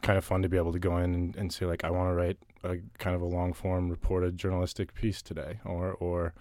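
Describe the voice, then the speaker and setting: A very low-voiced man talks through his answers in a relaxed interview, circling back and repeating words as he gathers his thoughts. The sound is close and dry, with no room around it. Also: brisk, dry recording. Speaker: interviewee, writer. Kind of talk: casual interview talk.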